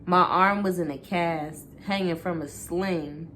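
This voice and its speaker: Woman reading a book aloud, low pitch, casual, rereads her slips, faint background hum. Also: fairly even intonation, unhurried, fairly bright tone. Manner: casual, stops to correct and reread. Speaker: booktuber reading a memoir.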